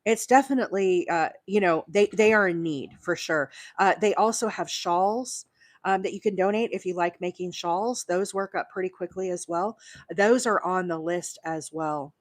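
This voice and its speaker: A woman's voice: lowish voice, moderate pace, dry recording, clean studio sound. A woman hosting a live crochet stream, chatting with many fillers and counting stitches aloud as she works. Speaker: crochet host.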